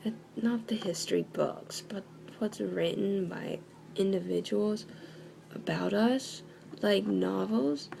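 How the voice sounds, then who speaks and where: A young woman vlogging indoors at home with a slow, unhurried delivery and a gravelly, creaky edge. She is sarcastic and hesitant, filling gaps with ums, and faint background noise sits behind her. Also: mid-range voice, dark tone. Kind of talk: casual video monologue.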